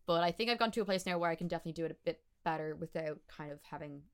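A woman's voice: deep voice, racing, clear, resonant tone. Chatty girl in her 20s on a podcast, loads of "like", laughs a lot. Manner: chatty, laughing, many fillers like "like". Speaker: musician guest. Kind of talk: casual podcast interview.

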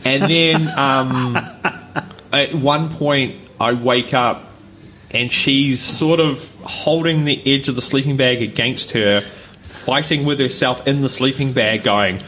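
At a live podcast taping in front of an audience, a co-host with a mid-range voice takes his time telling a casual story. He's lively, laughs frequently, and acts out voices, and there's slight background noise.

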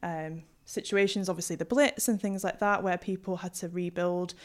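Guesting on a casual podcast interview, this young woman, a historical linguist whose Yorkshire accent carries some Hull, works through her thoughts with plenty of fillers and restarts. Her voice sits on the low side, with fairly even intonation and a normal speed.

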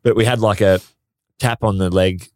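A man's voice: lowish voice, steady tone, normal speed, darkish tone, dry recording, studio quality. An Australian man as a podcast guest, telling stories casually and laughing at them. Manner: storytelling, laughs at his own stories. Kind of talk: casual chat.

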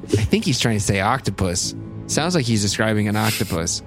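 A man making dry, deadpan comments in comedic banter. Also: fairly low pitch, fairly quick, over music.

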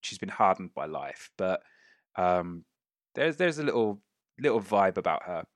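A man's voice: low voice, big pitch swings, measured pace, no echo, studio quality. A man narrating a tabletop game as game master, rambling with many fillers and restarts.

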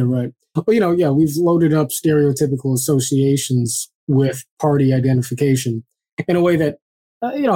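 A man speaking as an interview guest in a reflective, measured way with many fillers. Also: mid-range voice, dark tone, dry recording. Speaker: guest, former congressional candidate. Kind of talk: reflective conversational storytelling.

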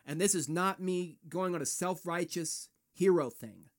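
A man's voice: high-pitched, unhurried. Fired-up, profane male podcast host. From United States. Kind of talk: ranting solo podcast.

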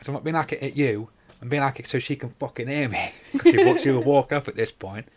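A man's voice: mid-range voice, quick pace, a little mellow. Rambling, swearing man. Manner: rambling anecdotes, heavy swearing, acts out dialogue. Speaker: podcast co-host. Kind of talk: casual chat.

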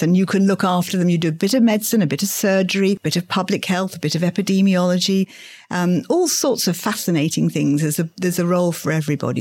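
A middle-aged woman, a senior obstetrician and gynecologist, speaking earnestly in a conversational interview. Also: fairly low pitch. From England. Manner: earnest, animated, emphatic repetitions.

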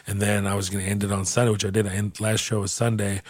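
A man hosting a podcast, telling a long comedy anecdote in a loose, profane, animated way and acting out the people in his story. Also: fairly low pitch, fast talker, no echo.

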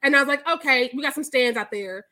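A woman co-hosting a casual podcast, telling a story in an animated, profane way. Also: sits high, fast talker. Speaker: podcast co-host. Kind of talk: casual chat.

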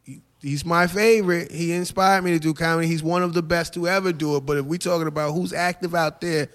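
A man's voice: a little high, steady tone, fast, clean tone. A man who is a stand-up comedian and host, talking casually in an interview, laid-back and repeating his phrases.

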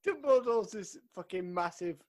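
A man's voice: expressive, normal speed, a little hiss or hum. A man co-hosting a podcast, joking, laughing often and teasing his friend in casual talk. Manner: jokey, laughs often, swings up and down in pitch. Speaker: podcast co-host. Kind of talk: casual banter.

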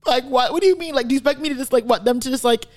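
A woman's voice: high voice, very fast. A young woman co-hosting a podcast, telling stories in casual chat, full of "like"s and swearing freely. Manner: animated storytelling, swears freely, many "like"s. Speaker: podcast co-host.

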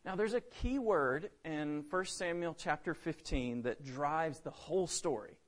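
A man preaching a sermon, swinging between loud emphasis and hushed drops. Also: a little high, animated, unhurried.

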